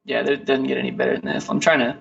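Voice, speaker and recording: A man's voice: medium pitch, flat delivery, rapid-fire, vocal fry, a bit bright, distant mic, lo-fi sound. A man co-hosting a podcast, talking in a laid-back, rambling way with lots of fillers and restarts. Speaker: podcast co-host. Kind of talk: casual chat.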